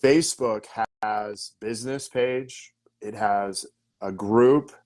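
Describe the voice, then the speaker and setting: A man's voice: on the low side, slow pace, a little mellow. Emphatic man coaching on marketing. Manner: emphatic, repeats words, asks listeners rhetorical questions. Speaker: podcast guest. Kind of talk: energetic marketing coaching talk.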